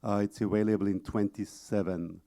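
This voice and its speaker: Austrian-accented male presenter, deep and warm, halting conference pitch. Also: flat delivery. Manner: hesitant, frequent filler sounds. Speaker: exhibition presenter.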